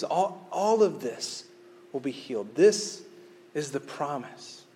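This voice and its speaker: A man's voice: on the high side, very animated, slow pace, warm tone, slight background noise. A man preaching a sermon as a pastor, earnest and often repeating words as he restarts his phrases. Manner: reads scripture aloud.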